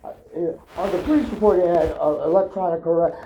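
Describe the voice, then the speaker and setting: A man telling a rambling personal story, swearing often and stopping to restart his sentences. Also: sits high. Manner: profane, halting, full of fillers and restarts. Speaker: storyteller recounting his own ordeal. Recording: dull lo-fi recording with faint hiss.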